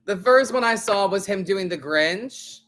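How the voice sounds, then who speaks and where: A man's voice: high voice, animated, measured pace, background noise. A man hosting a live tarot stream, talking in a loose, chatty way full of "like" fillers, casual swearing and frequent laughter. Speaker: tarot reader, host.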